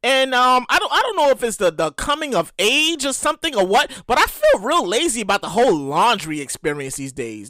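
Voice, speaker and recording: A man in his late thirties hosts a solo podcast in a loose, chatty way, often circling back over his own words. His voice sits unusually high and bright, leaping up and down in pitch, and it is captured close and dry with no room sound. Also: fairly quick, few pauses, dry recording. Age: 30s. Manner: animated, repetitive, talks straight to listeners. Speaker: podcast host. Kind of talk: casual solo podcast chat.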